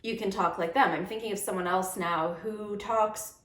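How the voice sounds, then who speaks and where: A woman's voice: mid-range voice, fairly even intonation, a little fast, echoey room. A woman teaching puppet making and puppet voices, talking in an upbeat, encouraging way for children and parents. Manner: upbeat and encouraging, demonstrating as she explains. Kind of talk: friendly instructional talk for kids and parents.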